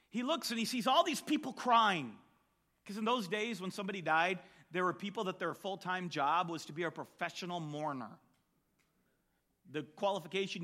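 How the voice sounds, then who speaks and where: A man preaching a sermon, telling a Bible story with animated storytelling and acting out the voices of the people in it. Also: high-pitched.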